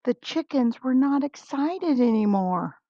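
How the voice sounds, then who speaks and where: A woman reading a picture book aloud to young listeners, expressive and stopping to talk with them about the pages. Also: high voice, unhurried, dry recording. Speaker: storybook reader. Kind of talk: children's read-aloud. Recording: dull lo-fi recording.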